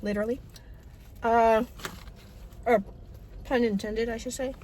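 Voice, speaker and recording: A woman's voice: fairly high pitch, steady tone, measured pace, long pauses, a little mellow, a little hiss or hum. Chatty young woman vlogging while eating. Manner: chatty, self-mocking, talks with mouth full. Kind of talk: casual rambling vlog while eating.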